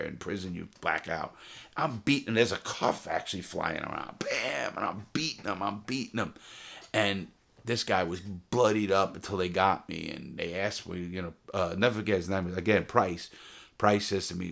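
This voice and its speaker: A middle-aged man with a very low, gravelly voice tells stories straight to camera. He is blunt and swears freely, often breaking off and restarting his sentences. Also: normal speed. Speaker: storyteller of his own past. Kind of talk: casual profane storytelling to camera.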